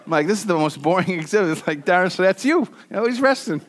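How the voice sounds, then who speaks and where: A pastor preaching a conversational sermon, mixing scripture with joking personal stories and swinging between loud and soft. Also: male voice, high voice, animated, quick pace.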